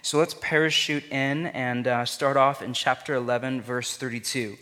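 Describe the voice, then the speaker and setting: A man's voice: mid-range voice, normal speed, hardly any pauses, sharp tone. A man preaching a sermon in an earnest, conversational way, his voice rising for emphasis. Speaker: pastor. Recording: long reverb of a large hall.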